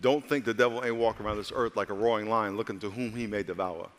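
A man's voice: fairly low pitch, fairly even intonation, fast, big-room sound. A male pastor preaching a sermon with humor, calling out to the congregation and voicing characters in his stories.

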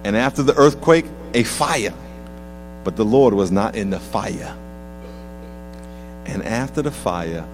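A man preaching a sermon, telling stories with animated delivery that rises to loud exclamations. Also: mid-range voice, rough recording. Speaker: pastor.

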